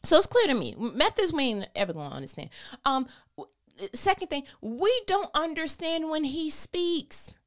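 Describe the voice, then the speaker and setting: Animated woman riffing on scripture. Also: high voice, normal speed. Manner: animated, playful, slangy. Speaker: podcast host. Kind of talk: Bible reading and casual commentary.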